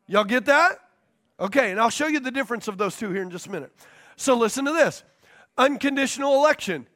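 A pastor teaching a sermon, stressing key points by repeating them and checking in with the congregation. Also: male voice, very high voice, a bit bright.

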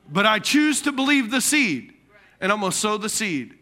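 A man delivers a lively sermon in a high, bright voice. He acts out the people he quotes and laughs at his own asides. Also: moderate pace. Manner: animated preaching, quotes imagined people, laughs at himself. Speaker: pastor.

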